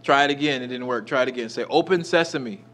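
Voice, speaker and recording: A man's voice: medium pitch, fast talker, fairly bright tone, a little hiss or hum. Man coaxing a small child, repetitive. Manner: playful, coaxing, stammers and repeats himself. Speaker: parent filming a child. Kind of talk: casual coaxing chat.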